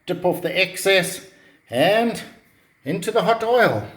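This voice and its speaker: A man's voice: high voice, expressive, takes it slowly, fairly bright tone. Chatty man cooking in an echoey kitchen. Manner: chatty, joking. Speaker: cooking vlogger. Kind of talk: casual cooking demonstration.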